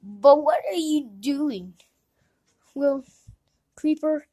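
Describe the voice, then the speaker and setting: A woman with a high, gravelly voice performs a comedic fan-animation voice-over. She drawls slowly, drops into mumbled asides, then bursts into shouts. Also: animated, no room sound, studio quality. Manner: jumps between mumbled asides and shouted outbursts. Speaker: narrator and voice actor of a fan animation.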